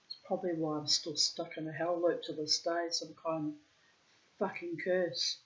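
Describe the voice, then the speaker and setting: A woman's voice: deep voice, flat delivery, normal speed, fairly bright tone. A woman telling personal stories in a frank, rambling monologue and swearing freely. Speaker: vlogger. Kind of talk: candid storytelling monologue. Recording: slightly dull lo-fi sound.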